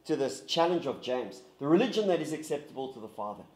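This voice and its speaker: A man, a pastor leading a group discussion in an earnest, halting way with many restarts. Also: medium pitch, very animated, a little mellow, roomy sound. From South Africa. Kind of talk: recorded group discussion guide.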